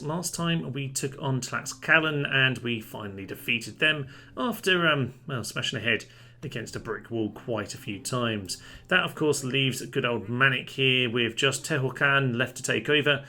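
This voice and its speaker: A man's voice: medium pitch, moderate pace, sharp tone. A man giving chatty, wry commentary as host of a strategy game playthrough. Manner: chatty, wry, dry humour. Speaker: let's play host.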